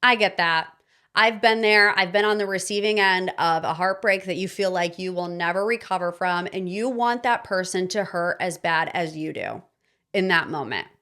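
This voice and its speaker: A woman in her thirties hosting a podcast, giving casual pop-culture commentary in an animated, sarcastic, ranting manner. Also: on the low side, moderate pace. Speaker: podcast host.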